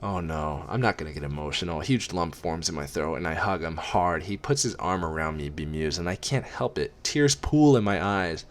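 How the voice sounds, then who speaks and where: A man's voice: low voice, expressive, normal speed, hardly any pauses. A man reading a first-person story aloud as an amateur audiobook, plainly, with occasional stumbles and restarts. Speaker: reader.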